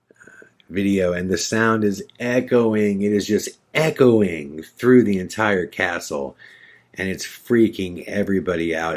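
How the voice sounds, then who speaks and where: A man hosting a podcast, retelling a tense night with dramatic repetition and suspense. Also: low voice. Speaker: podcast host. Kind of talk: storytelling podcast narration.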